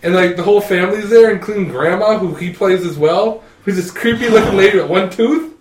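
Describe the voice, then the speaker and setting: A man with a high-pitched, slightly fast voice animatedly recaps a comedy film in casual chat, laughing through his retelling. The recording has a little hiss or hum and a roomy sound from a distant mic.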